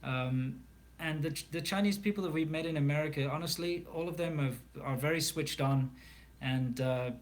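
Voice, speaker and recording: A man's voice: on the high side, normal speed. A South African man hosting a casual livestream Q&A, talking candidly and rambling with frequent fillers and restarts. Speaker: livestream host.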